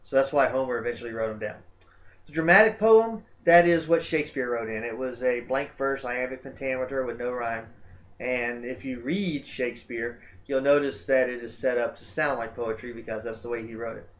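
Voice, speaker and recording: A male English instructor talks through a slide lecture. He sounds relaxed and conversational, with plenty of uh and um fillers, and his voice sits at an ordinary middle pitch. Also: moderate pace. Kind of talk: recorded lecture over slides.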